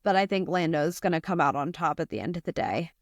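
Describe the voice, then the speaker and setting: A woman's voice: deep voice, animated, quick pace, dry recording, clean studio sound. An American woman hosting a casual podcast chat, teasing her co-hosts and laughing often. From United States. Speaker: podcast host.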